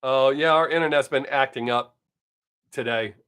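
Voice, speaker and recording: This older man's mid-range voice is a bit bright, clear and resonant, moving at normal speed. He's on a casual home live stream, bluntly recounting stories and swearing plenty.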